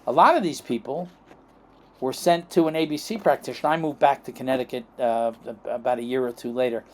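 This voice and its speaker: A brisk, mid-range male voice comes through with a little hiss or hum in the audio. The speaker, a middle-aged American chiropractor guesting on a podcast, rambles through anecdotes, voicing dialogue and checking in with "okay?" and "right?"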